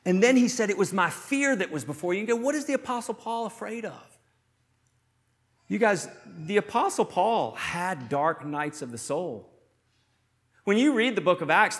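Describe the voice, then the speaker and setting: A man preaching a sermon as pastor, earnest and questioning, slowing down for emphasis and speeding up for asides. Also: high-pitched, animated, fairly bright tone. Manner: earnest, questioning, shifts between slow emphasis and quick asides.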